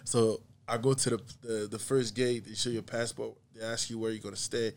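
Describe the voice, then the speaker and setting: A man's voice: on the low side, normal speed. A man who grew up in the United States, a podcast guest telling a story in casual conversation and acting out what other people said. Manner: animated, acts out other people's lines. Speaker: podcast guest, comedian and musician.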